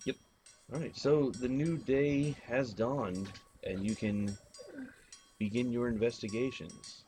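A man narrating as game master of a tabletop role-playing game, in a relaxed, casual way with asides. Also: medium pitch, slow, a little hiss or hum.

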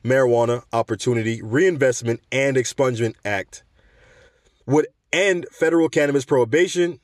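A man with an average-pitched voice reads news copy aloud in a casual way, then stops to give his own take. He stumbles often and corrects himself. The recording is dry and close. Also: moderate pace, no room sound. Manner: trips over words, corrects himself, breaks off for opinions. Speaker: show host.

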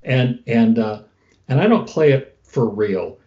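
A man's voice: medium pitch, lively intonation, measured pace, dark tone. Man chatting on a lo-fi recording. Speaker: podcast host and guitarist. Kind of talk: casual chat. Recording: dull lo-fi sound.

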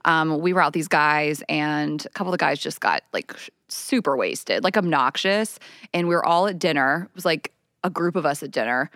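Brief: woman, lowish voice, blunt podcast storyteller who swears freely, dry close-miked sound. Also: lively intonation, normal speed, fairly bright tone, no echo. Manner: candid storytelling, frequent swearing. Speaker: podcast co-host. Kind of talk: casual chat.

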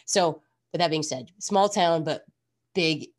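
Speaking slowly in a deep voice, a woman in her thirties hosts a casual podcast chat. She muses reflectively and rambles with animation, adding many asides along the way.

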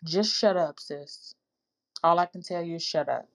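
A woman with a lowish voice at normal speed hosts a faith-based podcast for women. She talks earnestly and informally, calling listeners sis and baby, exhorting them in a preacherly way.

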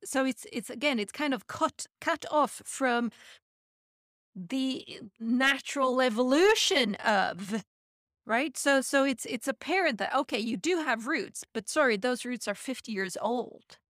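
A woman's voice: high-pitched, lively intonation, measured pace, a bit bright, dry recording, clean studio sound. A woman from Sweden in casual conversation, reflective and often restarting her phrases.

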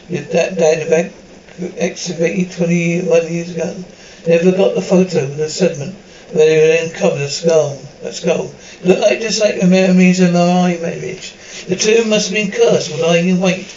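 A man's voice: on the high side, a little mellow, roomy sound, muffled recording, a little hiss or hum. A man performing a horror audio drama, dramatically switching between the characters' voices.

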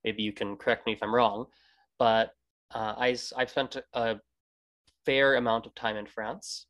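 A man's voice: medium pitch, little pitch movement, unhurried, a bit bright. A Canadian man hosting a casual interview, rambling with many restarts. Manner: rambling, many restarts, acts out quoted greetings. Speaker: podcast host.

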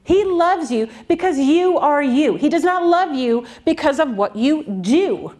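A woman's voice: high-pitched, expressive, a little slow, a little mellow. A woman in her forties giving an earnest, candid faith talk with touches of self-deprecating humor. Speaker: Christian speaker.

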